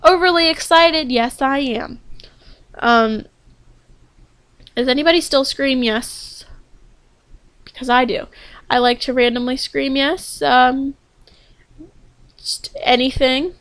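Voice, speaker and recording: A young woman talks straight to her camera in a loose, gushing vlog chat, her voice sitting a little high. She fills her pauses with ums and piles on enthusiasm as she goes. The sound is dry and close, with no room around her. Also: fairly even intonation, a bit bright, clear, resonant tone, no room sound. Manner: bubbly and gushing, many ums. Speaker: wrestling fan vlogger.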